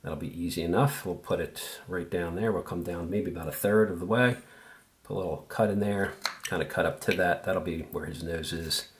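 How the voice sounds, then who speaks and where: A man's voice: low voice, moderate pace. A man giving an easygoing, step-by-step tutorial while he works, thinking aloud as he goes. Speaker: woodcarving instructor.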